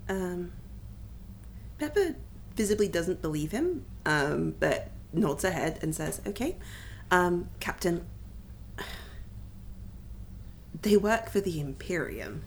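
Slow, hesitant woman playing a tabletop game. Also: lowish voice, sing-song, a little mellow, a little hiss or hum. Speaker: player.

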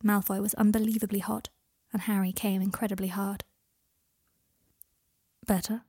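A woman narrating a fan fiction story aloud in a plain, steady storytelling manner. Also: mid-range voice, brisk, husky.

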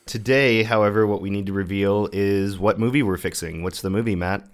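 A man's voice: on the low side, steady tone, brisk, clear, resonant tone. A man co-hosting a casual film podcast, talking in an earnest, self-aware way. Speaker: podcast co-host. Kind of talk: casual chat.

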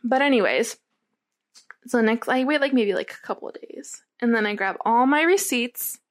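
A young woman telling a story in casual chat, animated and swearing freely, often checking in with her listener. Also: a little high, moderate pace.

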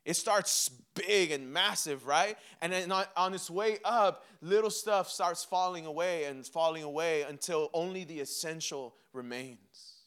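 A young man preaching a sermon, animated and humorous, acting out little dialogues with himself and God. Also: a little high, unhurried, smooth. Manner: mixes laughter and humor into preaching. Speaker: pastor.

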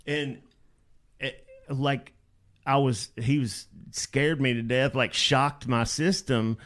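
A male rock vocalist tells stories in a casual interview, blunt and rambling with plenty of swearing. His voice sits at an ordinary middle pitch. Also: steady tone, slow pace, fairly bright tone.

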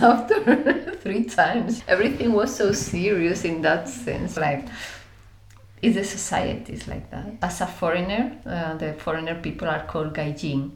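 Woman from Spain, lively storyteller. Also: on the low side, moderate pace, roomy sound. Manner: animated, laughing, acts out scenes. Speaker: interview guest. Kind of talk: reflective storytelling.

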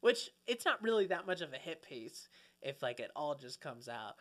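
A man co-hosting a podcast in casual comedic chat, animated and profane, rambling with many restarts. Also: fairly high pitch, normal speed. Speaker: podcast co-host.

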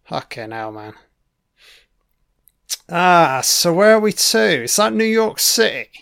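Guy chatting over a movie, swearing a lot and dropping dry little jokes, slow and unhurried, voice a bit higher than most. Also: sing-song, gravelly, a bit bright, smooth. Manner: swears constantly, wry offhand remarks. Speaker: film commentator. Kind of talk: casual running film commentary.

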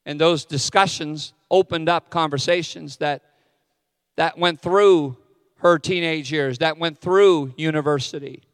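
A man's voice: fairly high pitch, unhurried, smooth, clean studio sound. A middle-aged man preaching a sermon as a pastor, candid and self-deprecating in his asides. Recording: long hall reverb.

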